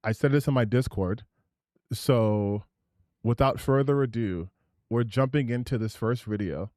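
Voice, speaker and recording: A man's voice: medium pitch, unhurried, a little mellow, no room sound, studio quality. A man streaming a reaction video, talking casually with sarcasm and swearing as he comments.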